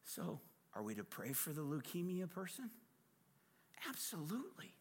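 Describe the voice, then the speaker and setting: A man preaching a sermon as a guest speaker, dramatic and humorous, moving from hushed asides to shouting. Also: on the high side, expressive, moderate pace. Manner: humorous, conversational storytelling.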